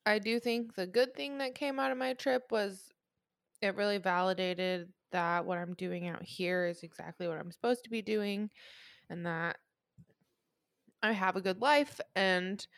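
A woman from the US Midwest co-hosting a podcast, telling stories in a lively, profane, casual way. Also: mid-range voice, a little slow, gravelly, clear, resonant tone, no room sound, clean studio sound. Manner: animated, profane storytelling. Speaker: podcast co-host. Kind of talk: casual chat.

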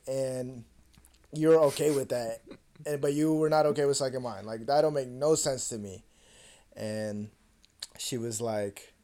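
A young man co-hosting a podcast, telling a personal story in a casual, profane and animated way and acting out the other voices. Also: medium pitch, unhurried, pauses often. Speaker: podcast co-host.

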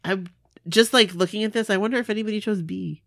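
A woman's voice: mid-range voice, fast, creaky, a bit bright, no room sound, clean studio sound. A woman chatting casually, teasing and laughing often. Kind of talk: casual chat.

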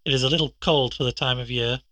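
A man voicing a calm, sharp-witted detective who speaks in a bland, dryly amused way, with a husky voice. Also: mid-range voice, fast, no echo, lightly acted. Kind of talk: audiobook character reading.

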